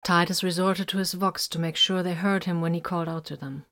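A woman reading a story aloud in a steady, measured narration. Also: fairly low pitch.

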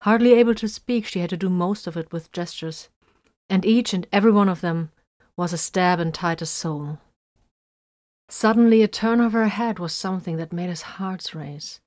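This audiobook narrator, a woman with a fairly low voice, performs scripted military science fiction with dramatic jumps between emphatic and hushed lines. She speaks at a normal speed, and the recording is dry and close with no room sound.

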